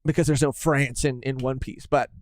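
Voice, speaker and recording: A man's voice: mid-range voice, fairly even intonation, moderate pace, no echo. A man co-hosting a podcast in casual chat, laid-back, saying "dude" often and laughing easily. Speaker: podcast co-host.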